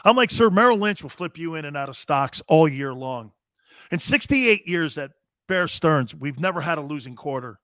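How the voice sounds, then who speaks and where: A middle-aged man hosts a sports talk show in a brash, boastful, casual way, often breaking into loud laughs. His voice sits a little high and sounds forceful and bright. The sound is dry and close. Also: lively intonation, moderate pace, dry recording. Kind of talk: casual live-stream talk, reading chat.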